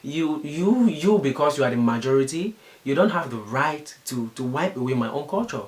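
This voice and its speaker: A man's voice: fairly high pitch, expressive, normal speed. Earnest Cameroonian man, echoey room. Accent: Cameroonian English. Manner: earnest, emphatic, repeats words while searching for phrasing. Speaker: interviewee. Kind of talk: impassioned commentary.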